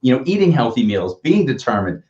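A man's voice: medium pitch, very animated, fairly quick, a little mellow. A man in his fifties co-hosting a casual livestream chat, telling upbeat motivational stories. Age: 50s. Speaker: co-host. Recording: echoey, dull lo-fi audio.

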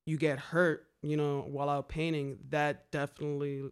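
A young man telling graffiti stories in casual chat, animated and slangy, swearing freely. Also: on the high side, moderate pace, clear, resonant tone. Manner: animated, slangy, swears a lot, repeats "a hundred percent".

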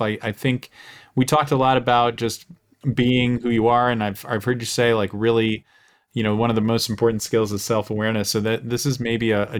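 A man hosting a podcast, talking casually with frequent halts and restarts. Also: medium pitch. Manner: halting, many restarts and fillers. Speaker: podcast host. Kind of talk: casual interview chat.

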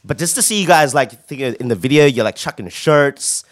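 A man co-hosting a podcast in casual chat, excitable and quick to swear, calling in remotely. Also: mid-range voice, no echo, studio quality. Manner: excitable, swears casually, quotes his own panic. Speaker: podcast co-host. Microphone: remote call.

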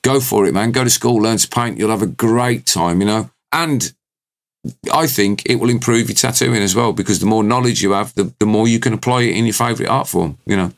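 A man's voice: fairly low pitch, brisk. British man explaining in casual chat. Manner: explanatory, laughs often. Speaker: podcast co-host, tattoo artist.

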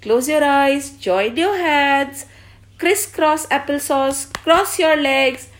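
A woman leads a storytelling class for children. Her voice sits fairly high, and she speaks slowly and clearly, with encouragement. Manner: warm, encouraging, slow and clear with kids.

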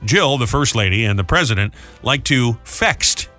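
A man hosting a morning radio show, mixing chatty jokes with brisk event promos in a studio. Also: mid-range voice, animated, sharp tone, soft background music. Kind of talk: casual on-air banter and announcements. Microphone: studio microphone.

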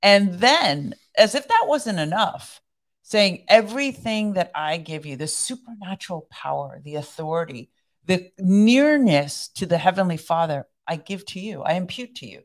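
A woman's voice: lowish voice, lively intonation, moderate pace. A woman co-hosting a devotional podcast, talking earnestly in a casual chat and reading scripture aloud with emphasis. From Iran. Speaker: podcast co-host.

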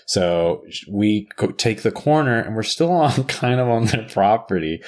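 A woman chatting casually and telling a story, swearing freely and jumping into high voices to quote people. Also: lively intonation, unhurried, darkish tone. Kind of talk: casual chat.

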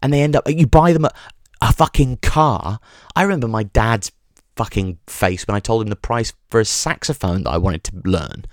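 On his podcast, a male host digresses through a comic monologue, swearing and repeatedly tripping into restarts. He talks at normal speed in a voice on the low side. The recording is dry, with clean studio sound.

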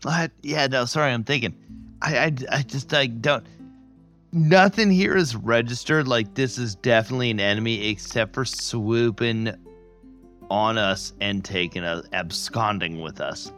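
Man, player, hesitant thinking aloud, bright tone. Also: medium pitch, unhurried, faint music behind. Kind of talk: casual game talk.

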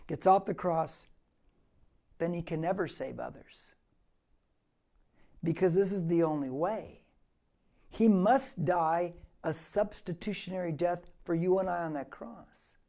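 A male pastor preaching a verse-by-verse sermon, emphatic and repeating phrases for stress. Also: sits high. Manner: emphatic, with loud rises on key words; reads scripture aloud and repeats phrases for stress.

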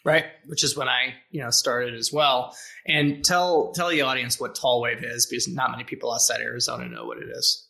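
A man's voice: mid-range voice, steady tone, normal speed, vocal fry, bright, forceful tone. A man hosting a casual podcast interview, teasing his guest with joking banter. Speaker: podcast host.

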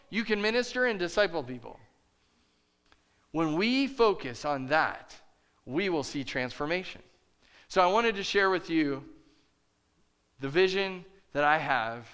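Emphatic high bright-voiced preacher man. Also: smooth. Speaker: pastor. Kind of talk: sermon.

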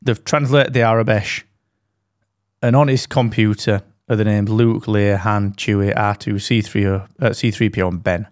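A man's voice: on the low side, steady tone, normal speed, no echo, studio quality. Sweary man in casual podcast chat. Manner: jokey, sweary banter. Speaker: podcast co-host. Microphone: studio dynamic mic.

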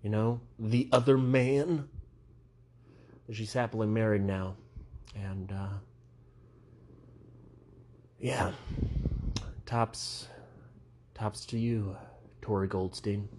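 Slow-talking rambling male comedian. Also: on the low side, fairly even intonation, darkish tone, slight background noise. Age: young adult. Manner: meandering, self-mocking, with frequent asides. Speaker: stand-up comedian. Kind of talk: rambling stand-up monologue.

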